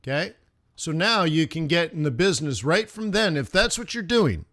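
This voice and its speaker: A man giving a live trading lesson who talks casually and directly to his viewers. He asks quick questions and chants price moves in rhythmic bursts. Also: on the high side, very animated, a bit bright. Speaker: forex trading instructor.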